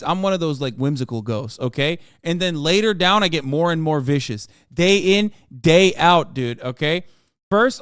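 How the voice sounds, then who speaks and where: A man streaming, reacting to a video in a profane, animated riff. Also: fairly high pitch, moderate pace, clear, resonant tone, no room sound, studio quality.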